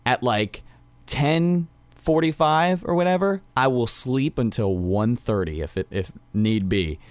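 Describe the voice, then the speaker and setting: A man's voice: mid-range voice, measured pace, no echo. A young man telling a rambling story in casual chat, full of fillers.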